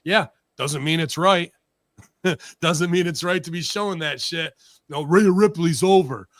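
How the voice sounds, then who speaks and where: A man's voice: on the high side, a little slow, no room sound, studio quality. A man hosting a talk show, ranting sarcastically with lots of profanity in casual heated chat. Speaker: podcast host.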